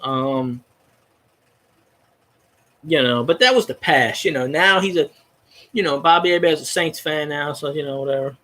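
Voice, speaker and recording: A man in his thirties from Louisiana, a fan podcast host ranting in casual chat, profane and excitable. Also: on the high side, moderate pace, long pauses. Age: 30s.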